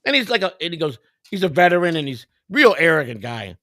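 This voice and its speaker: A man's voice: fairly high pitch, sing-song, fast talker, a bit bright, dry recording, clean studio sound. A man hosting a livestream, telling stories in casual chat in a blunt, profane, emphatic way and acting out other people's lines. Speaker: livestream host.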